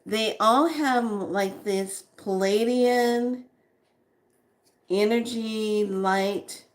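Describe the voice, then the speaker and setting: A woman hosting a spiritual vlog, reading names aloud slowly with breathy exclamations and sudden whoops while she says she is overheated and sweating. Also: on the high side. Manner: slow, breathy exclamations, bursts of whooping and laughter. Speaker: spiritual vlogger.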